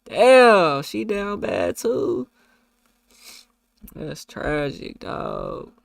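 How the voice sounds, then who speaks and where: Gravelly-voiced man chatting on stream. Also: a little high, huge pitch swings, drawn-out words, dry recording. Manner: slangy, laughs often, loose and joking. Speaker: streamer reacting to clips. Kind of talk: casual reaction stream chat.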